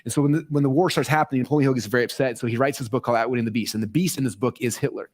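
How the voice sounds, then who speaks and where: A man speaking excitedly to a live audience, rambling with many fillers and restarts, voicing quoted people in a raised voice. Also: mid-range voice, rapid-fire. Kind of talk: excited casual presentation. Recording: played clip inside a commentary video.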